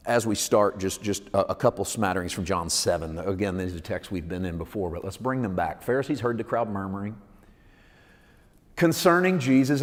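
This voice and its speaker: A male preacher with a fairly low voice teaching a sermon in a relaxed, conversational way that swells into fervent emphasis. His voice rings with a long hall reverb. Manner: conversational, building to emphatic fervor.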